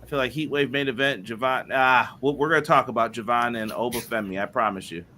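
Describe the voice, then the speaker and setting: Reading viewer chat aloud and greeting folks by name, a wrestling podcast co-host keeps the live-stream banter upbeat and casual. He speaks at a quick pace in a medium pitch.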